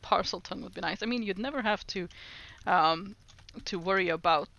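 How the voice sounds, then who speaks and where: A woman's voice: medium pitch, fairly quick, gravelly, fairly bright tone, highs cut off. A woman streamer chatting casually with her chat, laughing often. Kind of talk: casual livestream chat, reading chat aloud.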